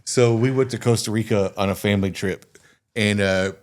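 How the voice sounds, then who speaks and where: A man with a Texan accent hosting a casual podcast chat, telling animated stories, swearing freely and acting out other people's voices. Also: fairly low pitch, normal speed. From Texas. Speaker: podcast host.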